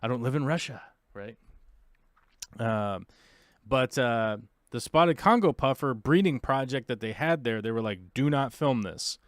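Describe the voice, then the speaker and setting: A man's voice: mid-range voice, lively intonation, measured pace, fairly bright tone, no echo, clean studio sound. An American man hosting a live show, talking in a casual, rambling way full of fillers and restarts. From United States. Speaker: host of aquarium livestream.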